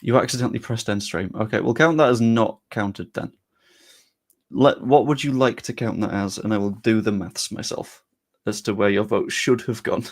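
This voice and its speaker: A man's voice: lowish voice, normal speed. A young man chatting casually and loosely on a live stream, talking straight to his chat with the odd swear.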